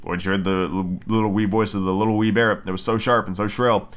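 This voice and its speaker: A man's voice: lowish voice, fairly even intonation, fast talker. A man hosting a podcast, casually reading a storybook aloud and breaking off for irreverent, profane commentary. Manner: irreverent, swears freely. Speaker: podcast host.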